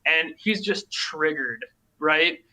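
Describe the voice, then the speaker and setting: A man from Minnesota, a podcast guest, telling animated stories in casual talk and acting out the people he met. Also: on the high side, takes it slowly, low-quality recording. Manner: animated storyteller, acts out quoted people. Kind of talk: casual storytelling.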